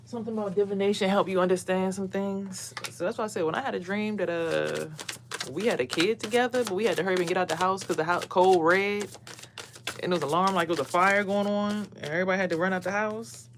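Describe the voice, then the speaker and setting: A woman's voice: mid-range voice, fast talker, background noise. A woman venting casually to camera as a spiritual reader, blunt and profane. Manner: blunt, swears a lot, animated quoting of others.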